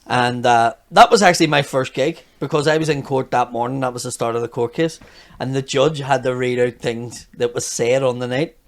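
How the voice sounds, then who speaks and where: A man with a Belfast accent, a comedian guest in casual podcast chat, telling stories in an animated way and swearing freely. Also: mid-range voice, a little fast.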